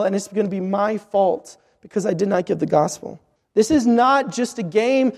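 A high-pitched man preaches with earnest urgency, circling back and restarting his phrases as he pleads with the listener. His voice rings out with a long hall reverb behind it. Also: a little mellow. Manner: earnest, repetitive, with frequent restarts. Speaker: missionary preacher. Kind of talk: sermon.

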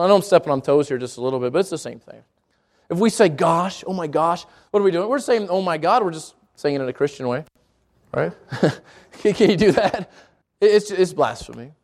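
Male preacher, high-pitched voice, chatty sermon style, calls on people in the pews, restarts phrases. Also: expressive, fairly quick, long pauses, darkish tone. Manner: conversational, asks the congregation questions, repeats words.

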